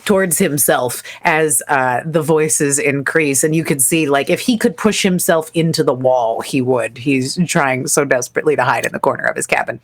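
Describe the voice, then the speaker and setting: A woman narrating as storyteller in a tabletop game, relaxed and hesitant with many fillers. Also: very deep voice, moderate pace, hardly any pauses.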